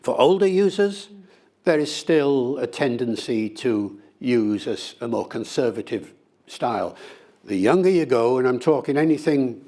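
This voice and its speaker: An older man with a medium-pitched voice answers an interviewer's questions in an easy, conversational way. He talks with animated flair and shows his points through playful demonstrations. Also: a little slow. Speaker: linguist being interviewed.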